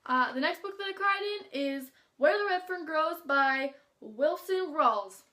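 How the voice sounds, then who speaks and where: A woman's voice: sits high, lively intonation, unhurried, sharp tone. A teenage girl talking casually about books as a vlogger, gushing and chatty with lots of filler words. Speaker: book vlogger. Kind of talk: casual chat.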